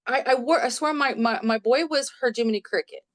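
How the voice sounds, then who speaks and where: A woman in her forties, a clinical social worker, telling animated stories as a podcast guest from her home office and acting out quoted voices. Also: a little high, brisk. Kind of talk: casual storytelling in a podcast interview.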